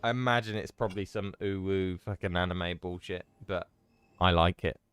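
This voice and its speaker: A man's voice: deep voice, normal speed, fairly bright tone, clear, resonant tone, dry recording, soft background music. A man streaming a game, chatting casually with viewers in a self-mocking way and swearing freely. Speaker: gaming streamer. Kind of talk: casual live-stream chat.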